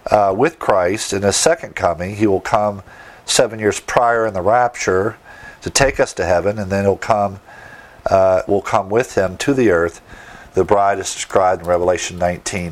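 A man's voice: on the low side, steady tone, measured pace. A man preaching a sermon, teaching verse by verse with emphatic asides and rhetorical questions. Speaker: pastor.

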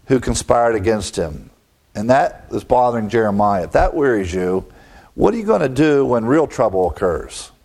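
A man's voice: on the low side, a little mellow. A man pastor teaching a Bible lesson in a conversational way, asking rhetorical questions and chuckling now and then.

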